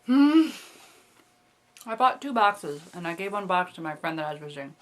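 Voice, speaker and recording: A young woman in her twenties talks through a casual video diary. She rambles and circles back, full of fillers and small giggles. Her voice sits slightly lower than most women's. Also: lively intonation, quick pace, bright, forceful tone. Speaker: vlogger.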